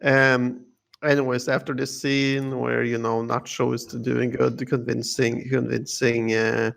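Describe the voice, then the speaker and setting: A man's voice: mid-range voice, flat delivery, measured pace, vocal fry, fairly bright tone. A man co-hosting a podcast in casual chat, rambling and laughing between points. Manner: rambling, many fillers and restarts, laughs often. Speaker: podcast co-host.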